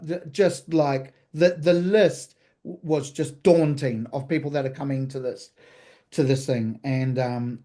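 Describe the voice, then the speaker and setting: A man from New Zealand, a chef guest on a podcast, telling a story casually with profanity and acted-out dialogue. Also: a little high. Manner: animated, profane, acts out quoted dialogue.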